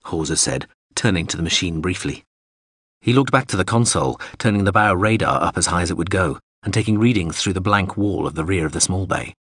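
A man reads a sci-fi audiobook in a very deep, husky voice. His narration is steady and even. The recording is dry and close to the mic. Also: brisk, no room sound. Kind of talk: scripted narration.

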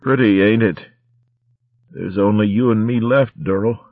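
A man voicing a badly wounded female ferret corsair who talks rough sailor slang, in a storybook reading. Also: lowish voice, a little slow, no room sound, phone-quality sound, voice pushed up. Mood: weak. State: weak and wounded.

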